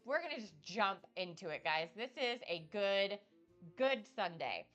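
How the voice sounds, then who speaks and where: A woman cooking on a live stream, chatting in an excitable, bubbly way with a slight lisp. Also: mid-range voice, unhurried, lo-fi sound, faint music behind. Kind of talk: casual live-stream chat.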